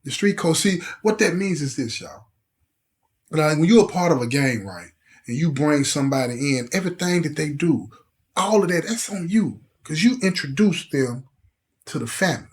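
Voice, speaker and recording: With a fairly high, animated voice at a moderate pace, a middle-aged host relates his life story intensely. He gets emotional and acts out the voices of those he quotes.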